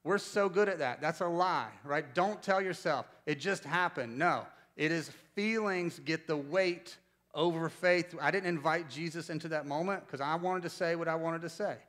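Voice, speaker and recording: Animated preacher man, bright and forceful. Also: on the high side, normal speed. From North Carolina, US. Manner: conversational storytelling, animated, asks the congregation questions. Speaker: pastor. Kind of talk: sermon.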